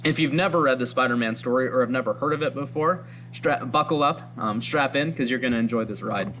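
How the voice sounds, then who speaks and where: A man in a teacher's role talks his listeners through a comic's panels in an upbeat, explanatory tone. His voice sits at a middle pitch, with scattered ums. A faint hum runs under the recording. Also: brisk, a bit bright. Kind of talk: reading and analyzing a comic for students.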